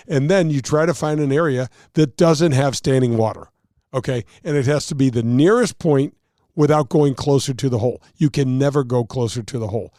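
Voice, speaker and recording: A man's voice: medium pitch, moderate pace, dark tone, dry recording, clean studio sound. A man, a touring golf pro, explaining rules and telling stories in a casual chat, acting out quotes and laughing at himself.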